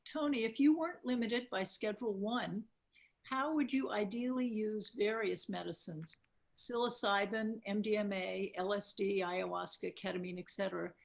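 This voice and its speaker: Woman moderating a panel, gracious, gravelly voice. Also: medium pitch, normal speed, rough recording. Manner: gracious, reads questions aloud.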